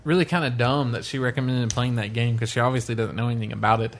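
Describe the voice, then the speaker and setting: A man co-hosts a loose conversation in an easygoing, joking way. His voice sits at an ordinary pitch, and he laughs often. Faint music plays underneath. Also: steady tone, quick pace. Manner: chatty, laughs easily. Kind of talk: casual chat.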